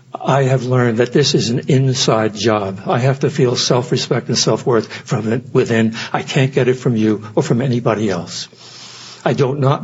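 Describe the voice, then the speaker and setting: A man's voice: medium pitch, dull audio. An older man giving an earnest, reflective personal talk at a recovery meeting. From United States. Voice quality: very husky.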